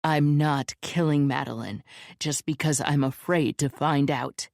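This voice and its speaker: A woman voicing a blunt, scornful young man who speaks flatly and bluntly. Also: low voice, measured pace, creaky, no room sound, studio quality.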